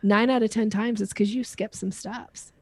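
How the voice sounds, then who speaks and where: A woman's voice: mid-range voice, fairly even intonation, moderate pace, a little mellow, breathy edge, dry recording. A woman guest on a podcast interview who explains sales step by step in a teaching tone and laughs while making points.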